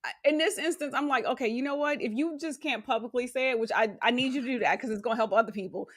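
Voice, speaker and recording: A woman's voice: fairly high pitch, quick pace. A woman co-hosting a podcast, chatting casually about politics, laughing often, swearing and reading quotes aloud. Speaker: podcast co-host.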